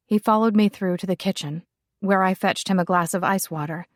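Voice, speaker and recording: A woman's voice: fairly low pitch, normal speed, dry recording, studio quality. Wry woman narrating a romance audiobook. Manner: wry, sassy and sardonic. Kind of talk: first-person audiobook narration.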